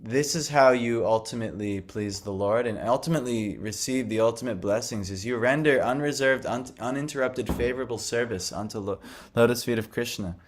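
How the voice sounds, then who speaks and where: A man's voice: mid-range voice, brisk, few pauses. A young man telling a devotional story and teaching in a conversational way, full of fillers and restarts. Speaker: scripture class speaker.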